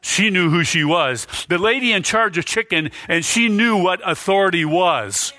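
A male preacher delivering a sermon, emphatic, repeating lines for stress and building to near shouts. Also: sits high, lively intonation, normal speed, no echo, studio quality.

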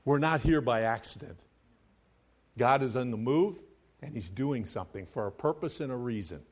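A man at medium pitch, expressive and speaking at normal speed, gives a sermon as his church's pastor. At times he drops to a hush, at others he grows loud and fervent, and he chants scripture in a sing-song style.

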